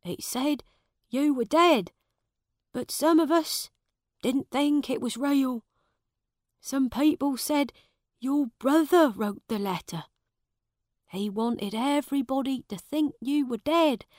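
A woman's voice: sits high, takes it slowly, pauses often, darkish tone, dry recording, studio quality, pitched above the performer's own voice. A woman voicing a small, worried, loyal old manservant in a storybook reading.

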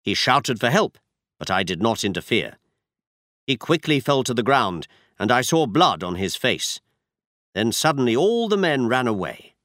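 A man narrating a story in the first person with a measured, expressive reading. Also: medium pitch, no echo, clean studio sound. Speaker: audiobook narrator.

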